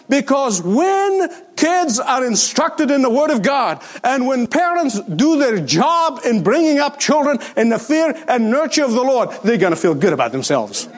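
Male pastor preaching, high voice that swings all over, leans hard on repeats. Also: big pitch swings, moderate pace, few pauses. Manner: emphatic preaching with repeated phrases. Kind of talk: sermon.

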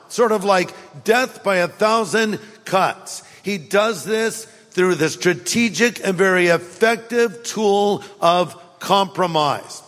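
A man's voice: high-pitched, a bit bright. A man preaching a sermon, telling stories in an emphatic, punchy way. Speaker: pastor. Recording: long hall reverb, faint music.

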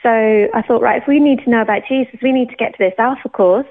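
Animated woman on a tinny line. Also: on the high side, fast. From England. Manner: animated, laughs often. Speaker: guest sharing her faith story. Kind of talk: personal testimony. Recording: tinny phone-line sound.

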